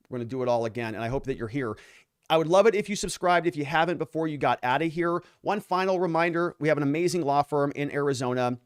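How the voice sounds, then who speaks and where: Chatty live-stream host, clear and close. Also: male voice, fairly high pitch, no room sound. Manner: chatty, reads viewer comments aloud; plays up silly wordplay.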